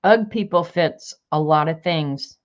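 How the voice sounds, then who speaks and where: A woman with a low-ish voice reads sassy one-liners aloud in a chatty home video, laughing a little between them. The sound is dull and lo-fi, as if from a camera or phone mic. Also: unhurried. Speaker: crafter sharing sayings on video. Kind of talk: casual reading of sassy sayings to camera.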